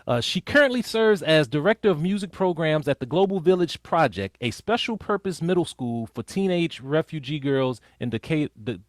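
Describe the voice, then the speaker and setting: A man hosting an online community sing, introducing a guest with playful, lively asides and small stumbles over a video call. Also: on the high side, no room sound, studio quality. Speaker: host.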